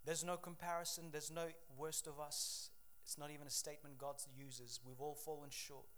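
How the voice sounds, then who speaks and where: Man preaching, loud then hushed. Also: a little high, little pitch movement, moderate pace. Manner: swings from loud preaching to hushed, quiet telling. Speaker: pastor. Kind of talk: sermon.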